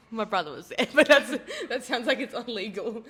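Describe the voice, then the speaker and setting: A woman's voice: on the high side, lively intonation, moderate pace, a bit bright, breathy edge. A young Australian woman co-hosting a podcast in casual chat, rambling and giggly with many fillers. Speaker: podcast co-host.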